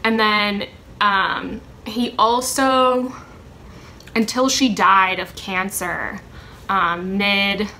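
A woman's voice: mid-range voice, fairly even intonation, drawn-out words, pushed and bright, slight background noise. A young woman chatting casually in a rambling way with many ums as she answers questions for her vlog at home. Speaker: vlogger answering a question tag. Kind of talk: casual chat.

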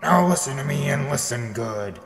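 A man's voice: medium pitch, normal speed, gravelly, reverberant, big-room sound, natural voice. A man voicing a bossy, scheming male harbor captain giving orders, with music behind. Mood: commanding. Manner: bossy, commanding.

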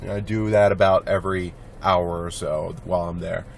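Young adult male vlogger, low voice, blunt and rambling, casual swearing, faint background noise. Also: flat delivery, moderate pace, vocal fry. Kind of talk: casual vlog monologue.

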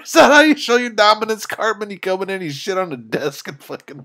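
A man streaming a cartoon reaction, swearing loudly and laughing in bursts. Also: high-pitched, wildly swooping pitch, normal speed. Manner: loud, profane, bursts of laughter. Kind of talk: casual reaction commentary.

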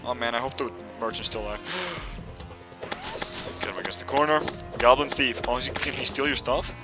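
A young man hosts a gameplay video, giving excitable let's-play commentary in a mid-range voice at a moderate pace. He laughs often and talks back to the enemies on screen while game music plays behind him.

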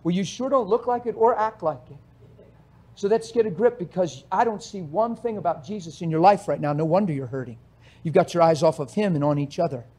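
Guy preaching hard, high voice, goes from soft to yelling. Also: slightly rough. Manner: fiery preaching, swinging from soft to shouting. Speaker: pastor. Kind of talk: sermon.

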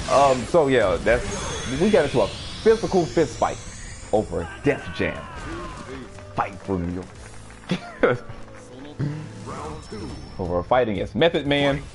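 Young male streamer, casual storyteller, animated with a swooping voice and frequent laughs, faint music behind. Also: medium pitch. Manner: animated, laughs often, sudden excited outbursts. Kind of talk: casual storytelling while playing a game.

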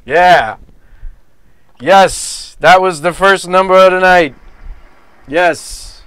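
A man's voice: high voice, drawn-out words, a bit bright, clear, resonant tone. A man with a Bronx accent hosting a live holiday variety show as a lounge singer, with brash, wisecracking stage patter between songs. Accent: New York (Bronx).

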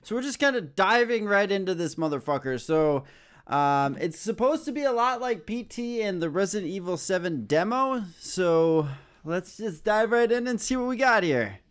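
High-voiced young man, nervous swearing gamer. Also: normal speed, clear, resonant tone. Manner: excitable, swearing, nervous joking. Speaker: gaming YouTuber. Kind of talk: horror game let's play commentary.

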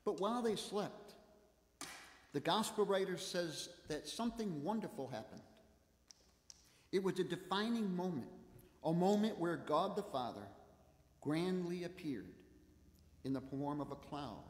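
An older man preaching a sermon, telling self-deprecating stories in an animated way. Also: high voice, a little slow, pauses often, reverberant, long reverb tail. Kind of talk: sermon with personal anecdotes. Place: church.

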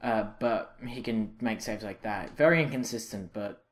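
A young man commentating his own football video game, reacting loudly and with frustration to misses and saves. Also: on the low side, normal speed. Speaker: gaming channel host. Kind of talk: live gameplay commentary.

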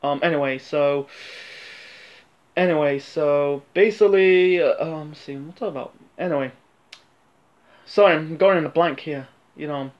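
A man's voice: on the high side, measured pace, long pauses, muffled recording. Rambling man reviewing a film. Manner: hesitant, many fillers and restarts.

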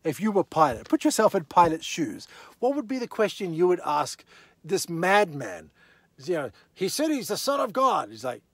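A man teaching from the Bible in a lively, conversational way, with a voice that sits a bit high and swings widely in pitch. He keeps throwing rhetorical questions straight at the listener. The recording is close and dry. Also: normal speed, breathy edge, dry recording.

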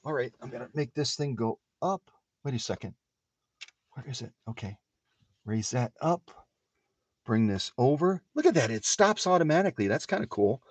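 A man from Wisconsin hosting a casual live stream from his home workshop, chatting to his viewers in an animated way. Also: mid-range voice, normal speed, breathy edge, no room sound. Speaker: live-stream host of a sewing machine restoration channel.

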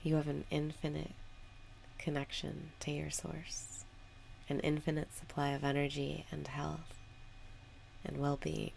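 A woman guiding a meditation with calm, unhurried spoken instructions. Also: deep voice, vocal fry, slight background noise. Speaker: meditation guide. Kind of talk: guided meditation.

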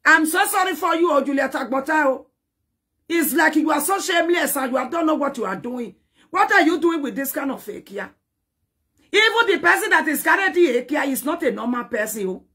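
A woman's voice: high-pitched, lively intonation, a little fast, a bit bright. A woman ranting in a dramatic, scolding social media commentary, taunting and repeating herself.

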